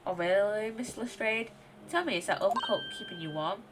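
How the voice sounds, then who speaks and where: A woman doing a theatrical gentleman detective. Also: medium pitch, very animated, brisk, very noisy, natural voice. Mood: genteel. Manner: polite, theatrical. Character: genteel eccentric male detective.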